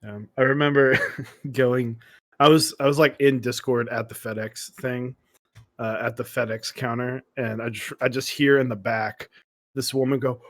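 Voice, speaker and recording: Man, mid pitch, animated storyteller, laughs a lot, casual co-host chat. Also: unhurried. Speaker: podcast co-host.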